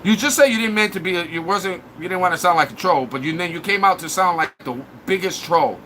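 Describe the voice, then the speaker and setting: A man's voice: high voice, a little fast, sharp tone, a little hiss or hum. A man live streaming, mocking and trash-talking viewers in his chat in a blunt, crude way.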